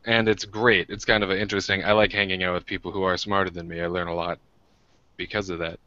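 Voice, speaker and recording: A man's voice: low-pitched, flat delivery, fast talker, bright, forceful tone, dry recording, lo-fi sound. An American man co-hosting a podcast, telling rambling, self-deprecating stories in casual chat with many restarts. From United States. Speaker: podcast co-host.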